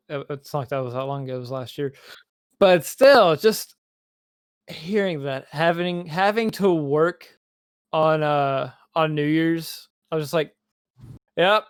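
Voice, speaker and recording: A man's voice: fairly high pitch, a little slow, smooth, no room sound, studio quality. A young man co-hosting a podcast, telling stories in an easygoing, casual way. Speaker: podcast co-host. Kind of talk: casual chat.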